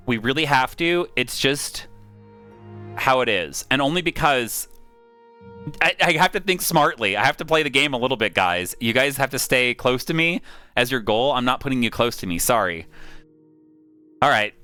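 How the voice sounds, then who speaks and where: A man streaming a strategy game, excitedly thinking aloud, reading the story out and swearing casually. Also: mid-range voice, moderate pace, long pauses, clean tone, faint music behind. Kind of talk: live-streamed game play with narration.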